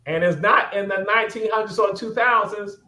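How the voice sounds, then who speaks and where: A man's voice: high-pitched, a little fast, pushed and bright, echoey room, slight background noise. A man with a Gullah Geechee Southern accent hosting a talk show, lecturing in a rousing, preacher-like way and driving points home with repeated calls of "guess what.". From Southern United States, Gullah Geechee. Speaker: host.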